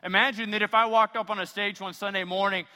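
A male pastor preaches with a high, bright, forceful voice. He drives his points home by repeating phrases, and a long hall reverb trails his words through the church. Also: fairly even intonation, fast talker. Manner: emphatic, repeats phrases for stress. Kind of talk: sermon.

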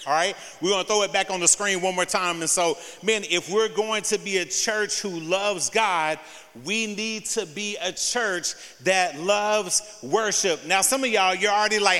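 A man preaching a sermon as pastor of a church. He drops in "man" often, repeats his key lines, and climbs in pitch and volume when he preaches hard. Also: moderate pace, sharp tone, long reverb tail. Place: church sanctuary.

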